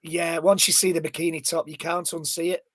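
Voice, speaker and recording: A man's voice: a little high, level tone, fairly quick, no echo, studio quality. A man on a rugby fan panel, enthusiastic and self-mocking, laughing as he talks. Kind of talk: casual panel chat.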